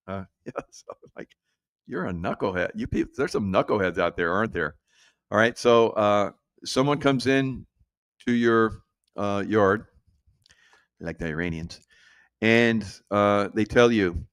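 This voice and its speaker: A man's voice: lowish voice, unhurried, long pauses, clean tone, no echo, clean studio sound. A middle-aged man hosting casual political commentary, brash and laughing often, mocking critics in put-on voices. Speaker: show host.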